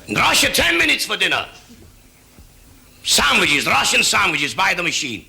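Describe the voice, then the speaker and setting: A man's voice: high voice, huge pitch swings, normal speed, creaky, sharp tone, voice pushed up, full character voice. A man playing a stern Soviet leader in a stand-up joke, speaking in short, clipped, boastful phrases.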